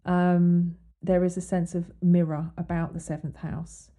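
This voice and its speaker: Her voice is warm and fairly low, with a level tone and a slightly slow pace. She hosts an astrology podcast, explaining things casually and chattily, reading out quotes amid many ums and false starts.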